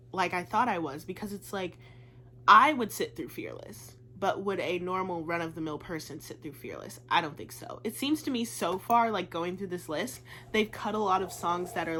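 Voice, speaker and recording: Chatty young woman vlogger, low-pitched. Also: sharp tone, a little hiss or hum. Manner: chatty and gushing, says "like" a lot. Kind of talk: casual commentary vlog.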